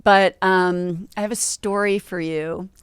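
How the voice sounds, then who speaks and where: A woman's voice: on the low side, steady tone, takes it slowly, clear, resonant tone, no echo, clean studio sound. A middle-aged woman chatting as a podcast guest. She tells an anecdote with energy and acts out the dialogue she quotes. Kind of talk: casual chat, anecdote. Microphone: studio podcast mic.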